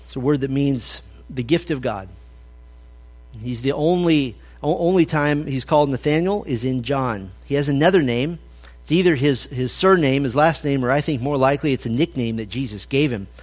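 A man preaching an expository sermon, conversational and emphatic as he quotes scripture. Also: on the high side. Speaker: pastor.

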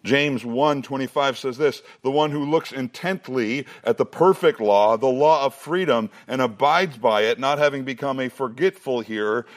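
Man preaching slowly to a youth group. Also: mid-range voice. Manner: slow and emphatic on the recited lines, joking asides. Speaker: student ministry pastor.

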